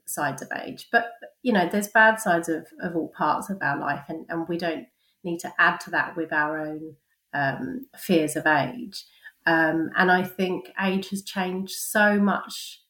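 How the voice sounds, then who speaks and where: Echoey thoughtful woman in conversation. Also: lowish voice. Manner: thoughtful, many fillers. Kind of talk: casual conversation.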